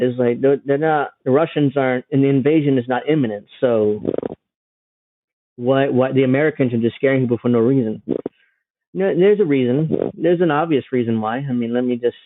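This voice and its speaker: A man's voice: mid-range voice, brisk, dry recording, phone-quality sound. A man hosting a livestream, giving sarcastic, rambling political commentary. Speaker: livestream host.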